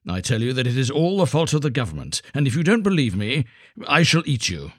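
A man's voice: mid-range voice, very animated, brisk, no room sound, clean studio sound, pitched above the performer's own voice. A man voicing a grumbling wolf who snarls and growls his complaints, reading a children's storybook. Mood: threatening. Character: grumbling male wolf, limping, menacing.

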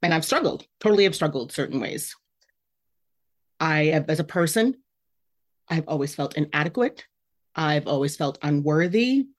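A woman's voice: sits low, expressive, moderate pace, long pauses. A woman hosting her own podcast, talking candidly and emotionally about her feelings. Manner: candid, emotional, self-reflective. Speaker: podcast host. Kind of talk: personal podcast monologue.

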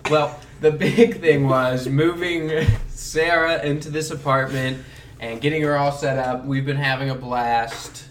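A man's voice: mid-range voice, fairly even intonation, unhurried, fairly bright tone, far from the mic, a little hiss or hum. A young man chatting casually with friends on a podcast, rambling in a laid-back way and laughing often. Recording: echoey room, off-mic.

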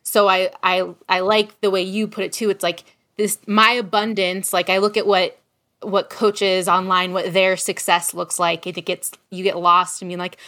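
A woman's voice: medium pitch, flat delivery, moderate pace, pushed and bright. A woman in casual conversation, reflecting and thinking aloud, with plenty of fillers like "like" and "kind of". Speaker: coach.

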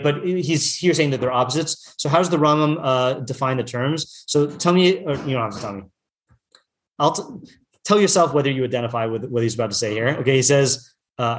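A man leading a casual text study class, reading passages aloud, translating them and riffing with lots of fillers and restarts. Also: medium pitch. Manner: chatty, full of fillers, reads Hebrew text then translates. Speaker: Torah teacher.

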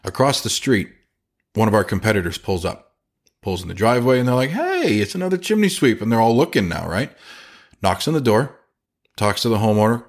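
A man who runs a chimney sweep company, talking casually on a podcast and acting out the people in his stories. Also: on the low side. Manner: animated storyteller, acts out quotes.

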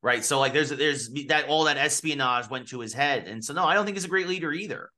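A man co-hosting a podcast in casual, lively chat about sports and comics. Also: on the high side, quick pace. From United States. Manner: animated, bright and lively. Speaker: co-host. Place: home studio in Los Angeles.

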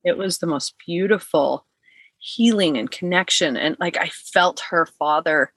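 A woman's voice: on the low side, measured pace, a bit bright, no room sound. A woman telling a personal story in casual chat, earnest and heartfelt, acting out what people said. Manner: earnest, heartfelt, acts out quotes.

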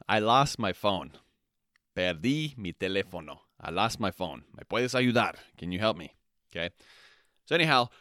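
A man teaches a podcast language lesson at an unhurried pace, his pitch rising and falling a lot as he repeats each phrase. His voice sits on the low side. The sound is close and dry. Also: fairly bright tone, no room sound. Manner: slow, repetitive, spells out phrases twice with translations; checks in with "okay?" and "all right". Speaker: Spanish teacher, podcast host.

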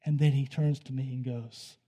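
A man preaching a sermon, telling a story in a conversational way that moves between hushed, quiet passages and loud, excited ones. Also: medium pitch, moderate pace.

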